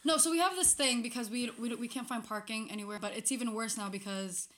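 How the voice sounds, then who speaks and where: A young woman in easy podcast chatter, her voice bright and set a touch high. She rambles with plenty of fillers and laughs often. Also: fast talker. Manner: laughing, rambling with many likes. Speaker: podcast co-host. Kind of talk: casual chat.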